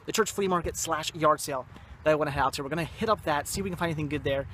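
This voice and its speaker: A man's voice: fairly high pitch, racing, fairly bright tone, slight background noise. A young man hosting a casual vlog outdoors at a yard sale, enthusiastic and rambling, often correcting himself. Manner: enthusiastic, repeats "very cool" and "awesome". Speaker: vlog host.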